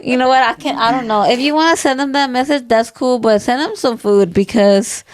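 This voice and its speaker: A woman's voice: a little high, brisk. A woman who is the host's best friend and a podcast guest. She talks bluntly in a casual heart-to-heart chat and swears now and then.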